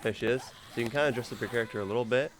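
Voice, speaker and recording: A gaming YouTuber gives loose, rambling gameplay commentary in a rapid-fire, mid-range voice, laughing easily. There's a little hiss or hum in the audio.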